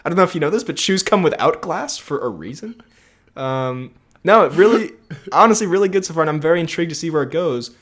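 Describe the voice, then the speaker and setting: A man's voice: fairly high pitch, expressive, quick pace, fairly bright tone. A young man co-hosting a podcast in casual chat, rambling and laughing often. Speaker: podcast co-host.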